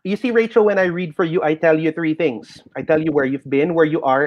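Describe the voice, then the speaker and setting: A middle-aged man with a Filipino accent explaining a tarot reading on the radio in an animated, reassuring way. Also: fairly high pitch, fairly quick. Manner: animated, reassuring, mixes in Tagalog phrases. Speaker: tarot reader guest. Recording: dull lo-fi radio sound.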